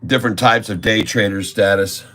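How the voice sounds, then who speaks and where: A man's voice: lowish voice, fairly even intonation, moderate pace, sharp tone. Grumbling man cursing at his trades. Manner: grumbling, cursing, exasperated muttering. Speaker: day trader vlogger. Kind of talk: casual live trading commentary.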